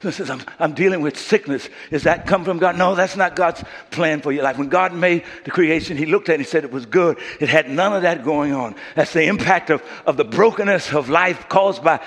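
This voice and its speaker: A man preaching a sermon as pastor, working up to shouts and calling on the congregation to answer. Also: on the high side, brisk, hardly any pauses, in a large hall. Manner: preaching with rising shouts and call-and-response. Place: church sanctuary.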